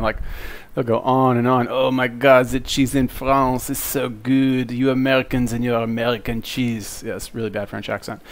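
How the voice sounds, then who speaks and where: A man's voice: fairly low pitch, rough recording. A man hosting a reaction video, giving casual commentary in a rambling, sarcastic way full of fillers and swearing.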